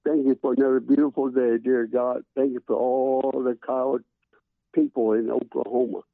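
An older man giving a spoken prayer over the phone, chanting with sudden high swoops in pitch. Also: little pitch movement, moderate pace, no echo. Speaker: prayer giver. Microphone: phone call. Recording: phone line.

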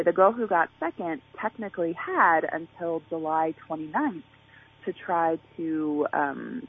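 A woman's voice: low-pitched, vocal fry, husky. A woman Olympic athlete talking in a chatty way, full of fillers and restarts, during a phone interview. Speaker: Olympic track and field athlete. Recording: tinny phone line.

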